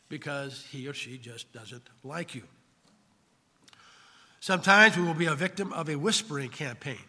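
A male pastor delivers a sermon in a fairly high, bright, forceful voice. He is emphatic and keeps turning questions back to the congregation. A long reverb from the church hall trails his words.

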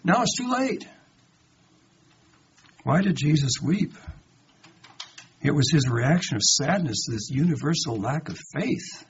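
A man of middling pitch leads a conversational Bible study, reading a passage and then stopping to ask his listeners rhetorical questions. He acts out the quoted lines with lively emphasis. The recording is dull and lo-fi, with a faint hiss of background noise behind him. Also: unhurried. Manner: reads verses aloud then comments with rhetorical questions. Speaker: Bible teacher.

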